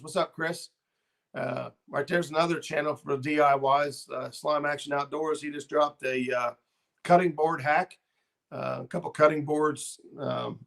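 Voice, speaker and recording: Middle-aged male host, gravelly, slightly high voice, loose rambling livestream chat. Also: a bit bright. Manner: rambling, easygoing, lots of ums and uhs. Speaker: fishing channel host. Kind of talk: casual livestream chat reading viewer comments.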